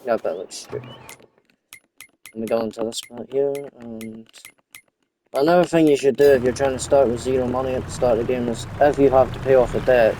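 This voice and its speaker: A young man chats his way through a farming game in a loose, rambling way, wandering off into side stories. His voice is mellow and relaxed. A faint hiss of noise sits under the recording. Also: mid-range voice. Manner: rambling, chatty, goes off topic. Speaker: gaming YouTuber. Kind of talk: casual gameplay commentary.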